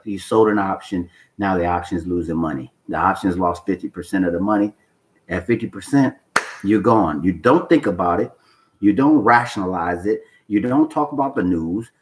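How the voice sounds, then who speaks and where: A man's voice: fairly low pitch, a little mellow, poor audio. A man hosting a trading channel who talks unscripted to the camera. He is blunt and emphatic, repeats his points, swears for stress, and keeps checking in with "okay?". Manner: coaching tone, asks "okay?" and "you know why?".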